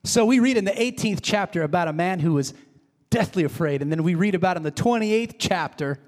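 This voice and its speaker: A man preaching a sermon as pastor, emphatic and swinging from high excited emphasis to quiet, hushed prayer. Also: a little fast. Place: church sanctuary. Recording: reverberant hall.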